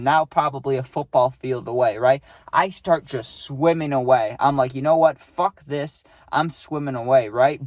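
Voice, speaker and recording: A man's voice: medium pitch, no room sound. A young man, rambling through a casual storytime and tagging lines with "right?". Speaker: vlogger.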